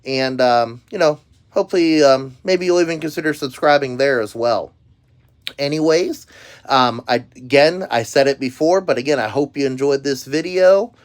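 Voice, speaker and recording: A man's voice: mid-range voice, normal speed. A middle-aged man hosting a casual product review video, rambling with frequent ums and uhs and restarts. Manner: rambling, filler-heavy with frequent um and uh. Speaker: YouTube host reviewing merchandise.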